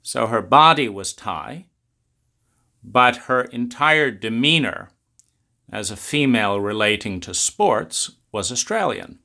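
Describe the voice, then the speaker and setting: A man speaks in a measured, deliberate way, stretching out key words as he builds his argument. His voice is bright and forceful, and he lets the ideas land slowly. He leans on rhetorical questions to drive his points home. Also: medium pitch, lively intonation, vocal fry. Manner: unhurried, questioning, drawn-out emphasis. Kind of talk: philosophical talk.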